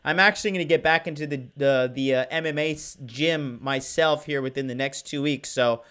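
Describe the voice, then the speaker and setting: A man hosts a live show in a loose, brash manner, cursing freely and getting worked up as he talks. His voice sits fairly high for a man. He chats straight to his listeners. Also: fairly quick, smooth. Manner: brash, profane, excitable. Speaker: podcast host. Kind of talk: casual live-stream talk.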